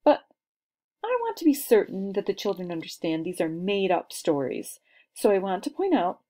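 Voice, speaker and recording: A gentle schoolteacher, voiced by a woman reading aloud addresses her class kindly. Her tone is instructive and patient, in a storybook reading. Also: medium pitch, sing-song, normal speed.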